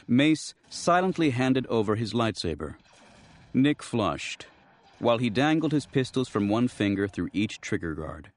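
A man narrating an audiobook in an expressive, dramatic reading style. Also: fairly low pitch, unhurried, noisy background. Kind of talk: scripted narration.

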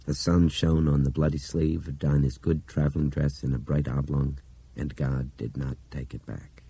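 A man reading a novel aloud in steady, measured narration that drops to a hush at times. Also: a bass voice, vocal fry, slightly rough, no room sound. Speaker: audiobook narrator. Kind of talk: scripted narration.

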